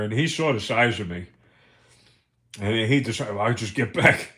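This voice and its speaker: A man's voice: mid-range voice, normal speed, a bit bright. Male streamer, casual storytelling, foul-mouthed and rambling, mid-range voice. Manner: profane, rambling, chuckling through anecdotes. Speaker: livestream host.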